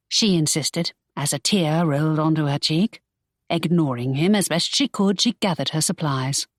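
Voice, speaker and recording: Expressive woman narrating an audiobook. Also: on the low side, moderate pace, no echo, studio quality. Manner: expressive storytelling.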